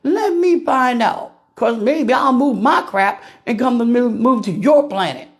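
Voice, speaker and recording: A vlogger with an extremely high-pitched, expressive voice speaks a little slowly. He rants casually about politics to the camera, firing off rhetorical questions and laughing at his own jokes.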